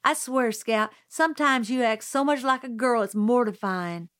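A woman reading a novel aloud, voicing a bossy older boy who yells and scolds. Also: on the high side, normal speed, no room sound, clean studio sound, lightly acted. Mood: scornful.

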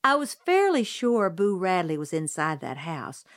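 An audiobook reader narrates a novel from a script, keeping her storytelling measured and even. She has a voice on the low side, captured in a dry recording with clean studio sound.

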